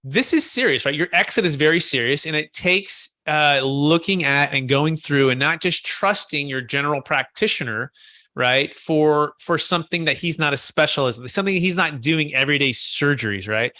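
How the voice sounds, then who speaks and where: Man, webinar host, casual storytelling, acts out quotes, bright voice, dry close sound. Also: on the high side, normal speed, no echo. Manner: frequent fillers and restarts.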